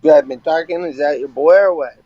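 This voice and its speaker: A man's voice: on the high side, fairly quick, lo-fi sound, slight background noise. A man, a professional fighter, telling stories in a laid-back, amused, slangy way during an interview. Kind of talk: casual interview storytelling.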